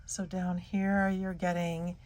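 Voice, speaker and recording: A middle-aged woman talks casually through a haul of scrapbook paper, gushing over each sheet. Her voice sits a little low, and she often trails off mid-sentence and starts again. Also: flat delivery, slow, a little mellow. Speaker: scrapbooking channel host. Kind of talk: casual show-and-tell chat.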